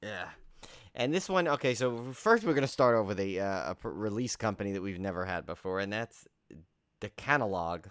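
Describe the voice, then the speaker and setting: A man's voice: fairly low pitch, lively intonation, brisk, fairly bright tone, clean tone. A man co-hosting a horror podcast in casual chat, rambling with many fillers. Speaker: podcast co-host.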